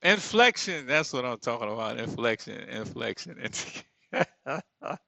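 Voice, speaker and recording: Guy with talking thru his coding out loud, gravelly voice, kinda rambly, dry close sound. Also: mid-range voice, measured pace, dry recording. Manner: thinks aloud, rambling asides, searches for words. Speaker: solo creator building an app. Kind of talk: casual screen-share coding commentary.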